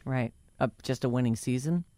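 A woman co-hosting a talk show, reacting with frequent exclamations and quick jokes in casual banter. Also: rumbling low, dark tone. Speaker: radio show co-host.

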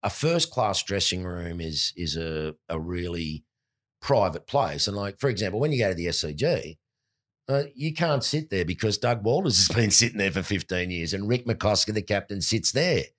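A man in his sixties with an Australian accent, a former cricketer telling lively anecdotes in an interview. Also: low-pitched, normal speed. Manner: animated anecdotes, mimics voices in quotes. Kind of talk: storytelling interview.

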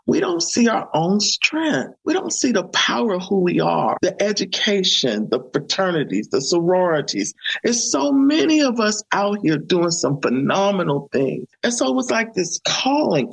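A woman testifies as an interview guest with a gravelly, husky voice. She talks fervently, repeating her phrases the way a preacher would. Her tone stays conversational the whole time. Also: fairly low pitch, rough recording. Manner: fervent, repetitive, preacher-like emphasis. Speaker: guest, community ministry founder.

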